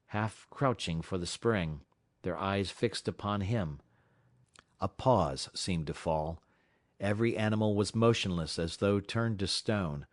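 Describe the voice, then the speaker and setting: A man reading a classic novel aloud as an audiobook narrator, in a measured, dramatic storytelling manner. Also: lowish voice, dry recording, studio quality. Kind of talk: scripted narration.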